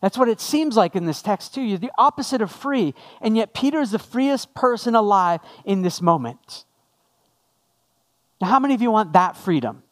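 High-voiced man preaching a sermon. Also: animated, normal speed. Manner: conversational, asks the congregation questions. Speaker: pastor.

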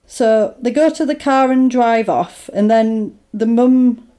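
A woman's voice: on the high side, slow, mellow, smooth. A woman chatting casually as a co-host, retelling a film scene by scene, with lots of "like" and "basically", and acting out the characters' lines. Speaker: podcast co-host recapping a film. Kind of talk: casual chat.

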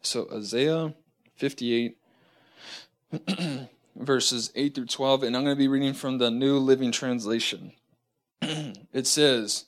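A man leads a church lesson in a voice of ordinary pitch for a man. He speaks haltingly, stopping and restarting often, then slows into a careful, deliberate reading of scripture. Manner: halting, many fillers and restarts. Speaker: church teacher.

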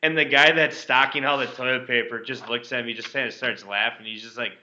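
A man's voice: medium pitch, brisk, hardly any pauses, reverberant. A man co-hosting a casual podcast chat, swearing freely and telling stories with energy. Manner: swears freely, animated storytelling. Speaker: podcast co-host. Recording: slightly dull lo-fi audio.

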